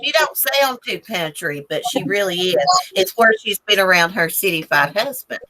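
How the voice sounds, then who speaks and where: A woman's voice: medium pitch, expressive, normal speed, bright, forceful tone, rough recording. A woman from Northern Virginia hosting a casual live stream, chatting and greeting viewers by name. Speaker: livestream host.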